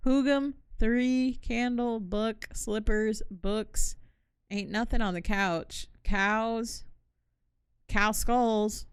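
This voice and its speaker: Fairly high-pitched with vocal fry and a clean tone, this young woman's voice is captured in clean studio sound with no room ambience. Playing a horror game live, she talks casually to chat, slangy and cursing, and lets out shrieks when startled.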